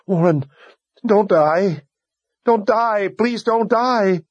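A man's voice: medium pitch, normal speed, a little mellow, no room sound, highs cut off, voice pushed up, natural voice. Man doing a tearful grieving woman. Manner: tearful, moaning. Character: grieving woman, devoted lover. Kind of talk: audiobook character voice.

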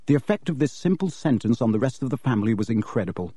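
A man narrating an audiobook in a measured, expressive storytelling manner. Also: medium pitch, husky, no room sound. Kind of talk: scripted narration.

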